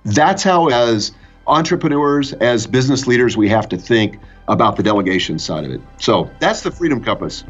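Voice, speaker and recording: A man speaking as a podcast guest and business coach, telling an animated anecdote. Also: medium pitch, moderate pace, dull audio, faint music behind. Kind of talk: conversational storytelling.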